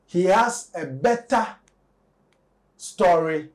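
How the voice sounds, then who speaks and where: A male commentator, speaking a touch high. He weighs his words deliberately and lays out both sides of the story in talk-show fashion. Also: expressive. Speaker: entertainment commentator.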